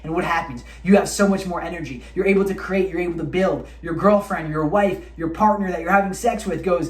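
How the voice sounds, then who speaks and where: A man's voice: sits high, fairly quick, few pauses, recorded from a distance. A man giving a motivational self-help talk to camera, emphatic and repetitive, with blunt profanity. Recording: roomy sound, speaker away from the mic.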